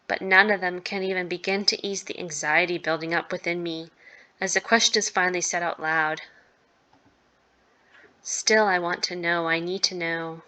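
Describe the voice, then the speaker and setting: A woman's voice: on the low side, steady tone, moderate pace, bright, forceful tone. A woman reading a shy, nervous teenage girl's inner narration and dialogue from a story game, in an anxious, earnest way. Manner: anxious, self-deprecating, earnest. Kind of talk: reading visual novel narration.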